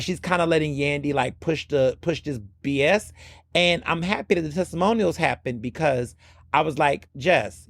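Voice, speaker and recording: Brief: male podcast host, chatty and animated recap, slightly high voice, dry close mic. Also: dry recording. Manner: animated storytelling, slipping into quoted voices. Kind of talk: casual commentary recapping a reality show.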